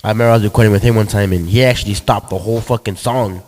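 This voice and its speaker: A man's voice: fairly low pitch, steady tone, rapid-fire, darkish tone. A man guesting on a podcast, telling stories in a rambling, slangy way. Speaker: guest rapper. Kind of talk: casual podcast chat.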